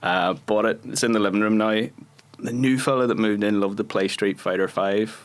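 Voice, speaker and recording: A man's voice: lowish voice, fairly even intonation, moderate pace. A Northern Irish man in his thirties, a guest actor telling chatty anecdotes on a podcast and laughing often. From Northern Ireland. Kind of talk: casual podcast chat.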